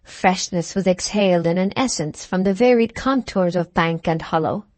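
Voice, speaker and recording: A woman reading a classic novel aloud as an audiobook narrator, in a measured, even manner. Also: lowish voice, no echo. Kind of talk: scripted narration.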